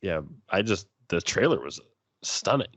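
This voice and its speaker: A man's voice: very animated, unhurried, a bit bright, dry recording. A man co-hosting a fan podcast in casual chat, enthusiastic and jokey. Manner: enthusiastic, jokey, jumps into high quoted voices. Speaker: podcast co-host.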